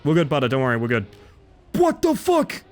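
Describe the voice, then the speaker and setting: An Australian man live-streams a game, chatting casually and swearing in a mid-range, slightly mellow voice whose pitch swoops wildly. He talks a little fast and chants silly words as he plays.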